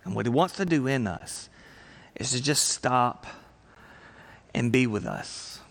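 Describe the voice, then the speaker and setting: A man preaching a sermon as pastor, earnest and emphatic, with reflective pauses. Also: mid-range voice, animated, gravelly.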